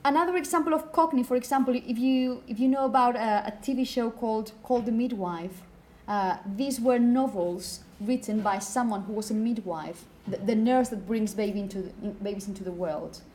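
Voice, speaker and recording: A woman's voice: on the high side, fairly quick, few pauses, a little mellow, a little hiss or hum, rough recording. Woman teacher lecturing a class. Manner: explanatory, asks the class questions.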